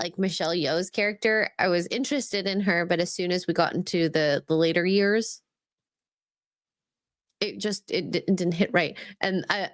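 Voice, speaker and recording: A woman's voice: fairly low pitch, no room sound, clean studio sound. A woman co-hosting a casual livestream chat, chatty and giggling. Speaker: co-host.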